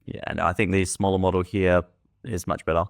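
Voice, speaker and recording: A man hosting a tech video, giving relaxed, tentative verdicts in casual commentary and calling his own reading voice monotone. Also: deep voice, brisk, creaky, no echo, studio quality.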